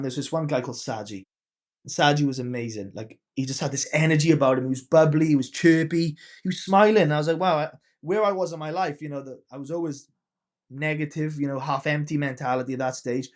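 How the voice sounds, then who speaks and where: A man in his thirties, a podcast guest and coach, casually telling a personal story and acting out the quoted dialogue. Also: fairly high pitch.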